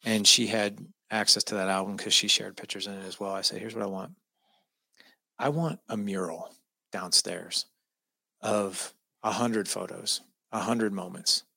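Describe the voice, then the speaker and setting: Low, gravelly male guest, bright and emphatic, moved as he tells a family story; dry close sound. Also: fairly even intonation, a little slow, dry recording. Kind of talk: personal storytelling.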